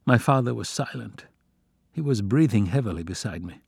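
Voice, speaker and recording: A man's voice: lowish voice, expressive, creaky, darkish tone, husky, no room sound, studio quality. Somber man narrating a memoir. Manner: measured, somber, restrained delivery. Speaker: audiobook narrator. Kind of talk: first-person memoir narration.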